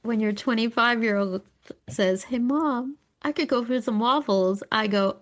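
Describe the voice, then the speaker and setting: A woman in her forties from Alberta, co-hosting a podcast in casual chat, telling animated stories full of swearing, acted-out quotes and laughter. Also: fairly high pitch, a little slow. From Alberta, Canada. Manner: animated storyteller, swears freely, acts out quotes, laughs often. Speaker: podcast co-host.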